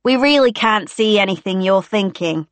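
A woman's voice: mid-range voice, expressive, moderate pace, dry recording, close to an everyday voice. Woman playing a polite, reassuring radiographer. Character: calm, polite male radiographer.

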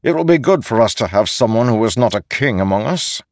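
Insistent bold man, raised high and loud, a male narrator doing it, dry. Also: lively intonation, a little fast, no echo, natural voice. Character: earnest man, persuasive and bold.

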